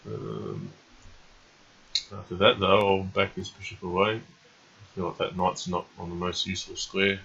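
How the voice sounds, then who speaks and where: A man streaming chess. He thinks aloud in a calm, measured way with plenty of ums. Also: sits low, gravelly, a little hiss or hum. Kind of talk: live game commentary. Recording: dull lo-fi stream audio.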